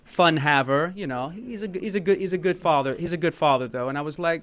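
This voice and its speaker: A man's voice: a little high, quick pace, hardly any pauses, a bit bright. A man from the United States telling a personal story at a live showcase, rambling and repeating himself in a heartfelt way, with bits of song. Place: small venue in Paris.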